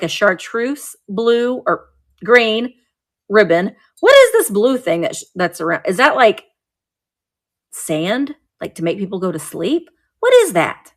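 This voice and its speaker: A woman's voice: mid-range voice, a bit bright. A woman hosting a live vintage sale stream, talking chattily and describing each item as she handles it. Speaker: host selling vintage items live.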